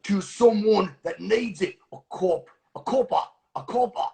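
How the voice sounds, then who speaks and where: A man hosting a casual livestream cooking class, talking in a goofy, playful way with mock-rough slang. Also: sits high, unhurried, dark tone.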